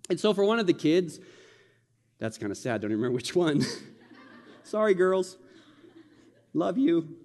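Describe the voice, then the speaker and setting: A middle-aged male pastor preaching a sermon in an animated, conversational way with frequent restarts. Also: medium pitch, in a large hall.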